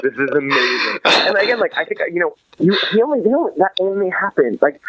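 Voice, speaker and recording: A man's voice: sits high, big pitch swings, fairly quick, fairly bright tone, muffled recording, slight background noise. A man from Los Angeles, a podcast guest, talking in a casual, rambling way full of restarts and fillers. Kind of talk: casual chat.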